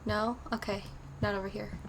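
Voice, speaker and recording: A woman's voice: mid-range voice, flat delivery, normal speed, noisy background. A woman hosting a horror game let's play, chatty and nervous, talking to herself as she explores. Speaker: gaming channel host.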